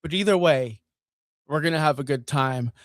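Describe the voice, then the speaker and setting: Man, fantasy football host, sarcastic rant, profane, loud bursts and low mutters, dry close sound. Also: moderate pace, dry recording. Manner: exasperated, sarcastic, swings between loud outbursts and muttering. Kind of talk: ranting sports commentary.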